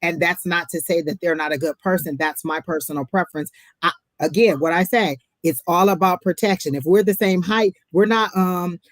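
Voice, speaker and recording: A woman's voice: lowish voice, no echo. Chatty tarot reader woman, dry sound. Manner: chatty, emphatic, repeats herself. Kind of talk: casual live-stream reading.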